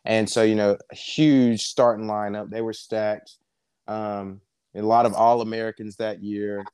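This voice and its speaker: A young man from South Georgia, a wrestling coach telling stories in a relaxed way, full of ums. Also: on the low side, a little slow, smooth, no room sound, clean studio sound. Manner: relaxed storyteller, many fillers. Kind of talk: casual interview chat.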